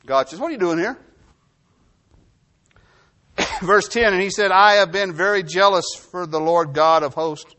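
A man preaching a sermon, reading scripture aloud and then explaining it, swinging between forceful bursts and low hushed phrases. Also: a little slow, pauses often. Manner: reads scripture then preaches with rising and falling intensity; drops to a low hushed voice for emphasis. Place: New Mexico.

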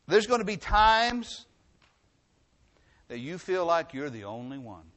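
A man preaching a sermon, reading scripture aloud with loud emphatic lines and dropping to quiet asides. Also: fairly high pitch, sing-song, slow.

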